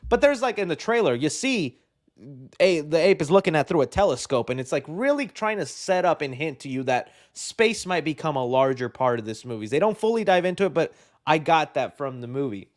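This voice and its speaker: A man hosting a live movie news show, chatting casually in an excitable, rambling way with many fillers. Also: a little high. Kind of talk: casual live-stream chat.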